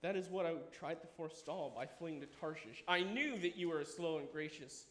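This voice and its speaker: A man in his thirties preaching a sermon, animated and enthusiastic, dropping at times to a quiet, earnest tone. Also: on the high side, normal speed. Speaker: pastor. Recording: echoey room with faint ambience.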